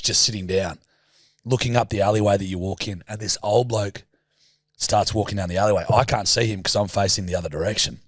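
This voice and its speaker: A man's voice: fairly low pitch, dry recording, studio quality. A young man co-hosting a podcast, telling stories in casual chat with plenty of swearing and laughter. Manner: swearing, storytelling, laughs often. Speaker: podcast co-host.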